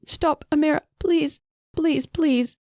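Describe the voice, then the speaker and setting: A woman voicing a gentle young princess who is crying and desperately begging her older sister. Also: high voice, slow, dry recording, clean studio sound, pitched above the performer's own voice. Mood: tearful pleading.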